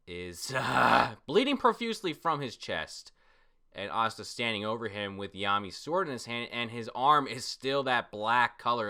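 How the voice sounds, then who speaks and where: Host type, male, excitable reaction vlogger; animated delivery, clean smooth tone. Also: mid-range voice. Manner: excitable, filler-heavy, swears when surprised. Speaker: manga reviewer. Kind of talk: casual reaction and recap.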